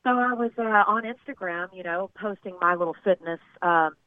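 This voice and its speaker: A woman in her thirties, a guest telling a dating story in a chatty, animated way. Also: on the low side, normal speed, no room sound. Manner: chatty, animated, acts out quoted voices. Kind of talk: casual storytelling. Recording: tinny phone-line sound.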